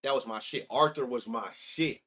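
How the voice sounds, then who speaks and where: A middle-aged sports betting show host chats on his live stream in a mid-range voice with a sharp tone and moderate pace. He rambles loosely and swears, trading memories and reacting to his chat.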